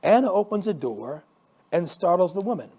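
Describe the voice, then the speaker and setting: A male pastor reading a story aloud, expressive, with small restarts. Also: high voice, moderate pace, husky.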